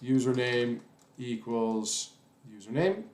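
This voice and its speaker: A man's voice: mid-range voice, expressive, slow, a little mellow, echoey room. A man teaching a casual coding lesson while typing, rambling, apologizing, and cursing at his own mistakes. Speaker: coding tutorial instructor.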